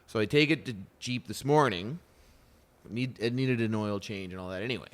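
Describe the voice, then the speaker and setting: A man in his thirties hosting a podcast, chatting casually and retelling a story with lively quoted dialogue. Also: fairly low pitch, moderate pace. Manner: storytelling, animated retelling of conversations. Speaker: podcast host. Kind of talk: casual chat.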